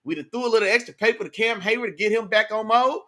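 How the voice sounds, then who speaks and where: A man's voice: high voice, quick pace, bright, forceful tone. A young man hosting a casual sports livestream, hyped and slangy, calling out his chat viewers. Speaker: sports talk livestream host.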